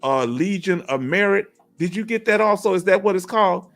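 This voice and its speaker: High-voiced man hosting a livestream. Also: lively intonation, normal speed, creaky, fairly bright tone. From Houston, Texas. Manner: folksy, encouraging, reads viewer comments aloud. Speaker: livestream host. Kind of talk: casual livestream chat. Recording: faint music behind.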